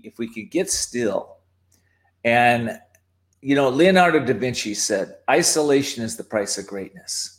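Male guest, mid-pitched, reflective storyteller who pauses and restarts. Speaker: podcast guest. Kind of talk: personal storytelling.

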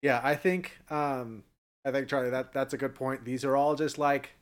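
A man hosting a podcast in casual chat, relaxed as he wraps up the episode. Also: mid-range voice, normal speed, clear, resonant tone. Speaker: podcast host.

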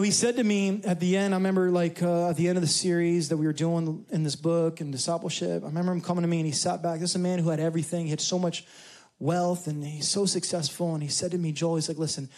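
A man preaching a sermon as a church pastor, telling stories with animated, rising delivery. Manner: animated storyteller, rising high when excited.

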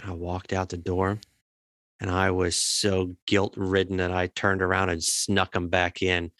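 A man's voice: low voice, completely flat delivery, a little slow, a bit bright, dry recording, studio quality. A man co-hosting a casual podcast, telling stories with playful, jokey asides. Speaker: podcast co-host. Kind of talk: casual storytelling chat.

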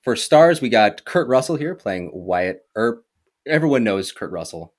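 A man hosting a casual movie podcast, talking in a rambling way with halting restarts and frequent laughs. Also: lowish voice, very animated. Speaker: podcast host.

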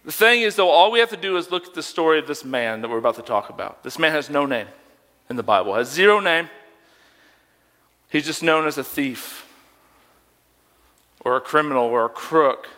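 A man's voice: fairly high pitch, normal speed, pauses often, pushed and bright. Emphatic young male youth pastor, echoing hall. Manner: conversational and emphatic, asking rhetorical questions. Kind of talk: sermon.

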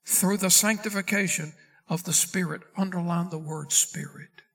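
A man preaching a verse-by-verse Bible sermon as pastor, reading scripture aloud slowly and calling out questions to the congregation. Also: high voice, steady tone, a bit bright. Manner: calls out to the congregation.

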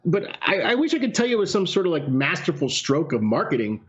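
A man telling a story in casual chat, animated, with some swearing. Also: on the high side, quick pace. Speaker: podcast guest. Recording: lo-fi sound.

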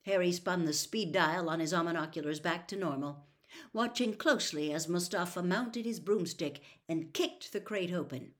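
A woman reading a storybook aloud, with slow, expressive narration. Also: fairly low pitch.

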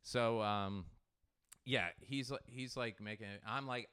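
A man hosting a podcast in casual chat. He is an animated storyteller who swears freely and acts out what people said. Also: medium pitch, measured pace, smooth. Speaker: podcast host.

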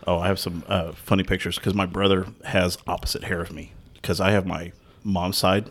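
A man's voice: low voice, level tone, moderate pace, a bit bright. A man in casual podcast chat, explaining in a knowing way. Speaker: podcast co-host. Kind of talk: casual chat over beer tasting.

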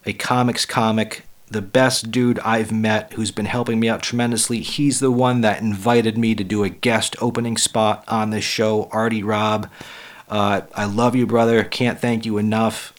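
Raspy man with a lowish voice. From Western Massachusetts. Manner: blunt and profane, emphatic. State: getting over the flu. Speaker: podcast host and comedian. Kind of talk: casual solo podcast talk.

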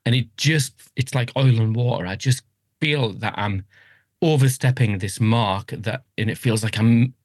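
A middle-aged man, a podcast guest talking in a halting, searching way. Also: medium pitch, a little mellow, no room sound, studio quality. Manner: hesitant, halting, many restarts. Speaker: podcast guest, spouse of a host. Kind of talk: casual chat.

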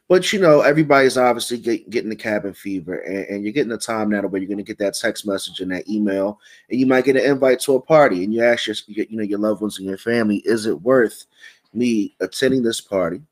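A man co-hosting a casual podcast, telling a story in a relaxed, rambling way full of fillers. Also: lowish voice, fast talker. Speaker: podcast co-host.

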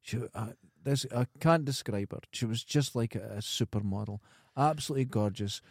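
A Scottish man co-hosting a podcast, chatting casually and telling lively stories, often imitating other people. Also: medium pitch, moderate pace, vocal fry, no echo, studio quality. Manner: animated storyteller, imitates others. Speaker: podcast co-host. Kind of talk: casual chat.

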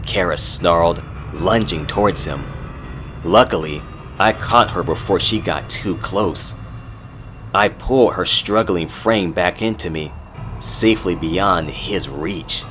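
Deep, slow-spoken horror narrator. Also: male voice, fairly bright tone, a little hiss or hum. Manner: measured, dramatic storytelling. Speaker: narrator and host. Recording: music playing underneath.

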